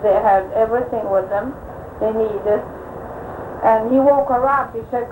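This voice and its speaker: A woman's voice: fairly high pitch, a little slow, reverberant, noisy background. An older woman in an oral history interview, rambling through personal stories and acting out what people said. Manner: rambling anecdotal telling, acting out quoted speech. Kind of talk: recounting old personal stories.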